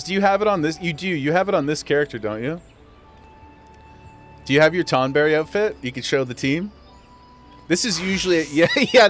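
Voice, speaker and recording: A man streaming a game, chatting casually with his viewers, playful and quick to laugh as he talks straight to chat. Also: a little high. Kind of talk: casual live-stream chat while gaming.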